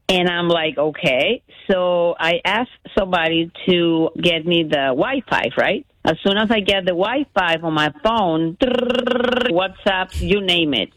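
Excited woman telling her story. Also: on the low side, dry recording, low-quality recording. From Miami, Florida. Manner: animated, breathless retelling with loose grammar. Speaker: guest caller. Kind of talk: casual storytelling.

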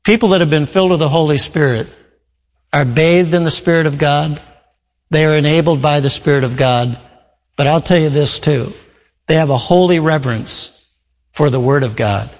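A man pastor preaching a sermon, reading scripture and explaining it in an animated way. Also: on the high side, moderate pace, long reverb tail, rough recording.

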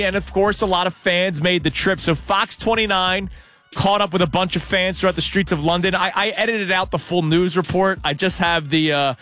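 A man hosting a casual sports talk show, chatty and quick to laugh. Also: sits high, fairly even intonation, bright, forceful tone, faint music behind. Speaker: sports radio host.

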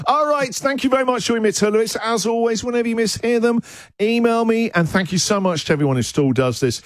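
A man's voice: extremely high pitch, fast, no room sound, clean studio sound. A middle-aged man hosting a casual breakfast radio show, joking and laughing often. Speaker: radio host. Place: radio studio.

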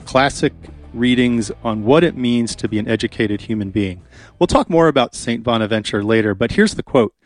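A man at a studio microphone hosts a radio talk show, talking in a relaxed, chatty way with plenty of ums and uhs. His voice sits in a middle range. The room is dry and close, and a light music bed runs underneath. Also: mid-range voice, normal speed, no echo. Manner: relaxed, chatty, with frequent fillers.

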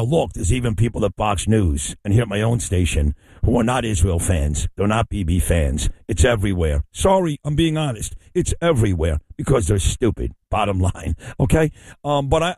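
Blunt radio host with a warm voice. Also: male voice, lowish voice, very animated, moderate pace, gravelly, no echo. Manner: blunt, emphatic, plain-spoken. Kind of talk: opinionated talk radio interview.

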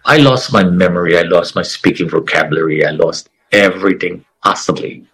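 A middle-aged man giving an earnest, emotional personal testimony as an interview guest, with dramatic pauses. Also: low voice, fairly bright tone, slightly rough, poor audio.

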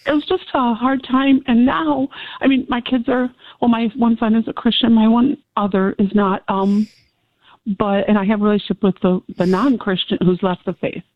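A middle-aged woman calling in to a radio show, speaking haltingly and near tears. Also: a little high, steady tone, dry recording. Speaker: caller. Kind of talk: emotional call-in on a phone line. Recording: tinny phone line.

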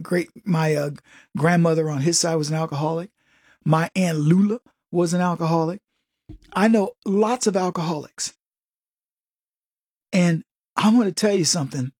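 A man's voice: high-pitched, breathy edge, no echo, clean studio sound. A man delivering a sarcastic, mocking political commentary monologue in a casual, conversational way.

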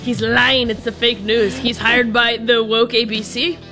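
A woman's voice: a little high, little pitch movement, measured pace, sharp tone, faint music behind. A woman co-host doing an impression of a boastful older male politician, bragging and repeating herself. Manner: repetitive self-praising bragging.

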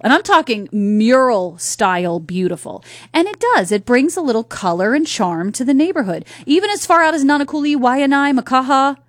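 A woman's voice: high voice, dry recording. Chatty woman radio host, dry studio sound. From North Carolina. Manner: chatty, conversational, asks the audience questions. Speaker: radio talk show host. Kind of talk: solo radio talk commentary. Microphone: studio microphone.

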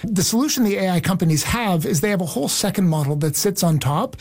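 A man's voice: sits high, animated, fast talker, a little mellow. A man speaking as an expert guest on a panel, explaining fluently with frequent fillers.

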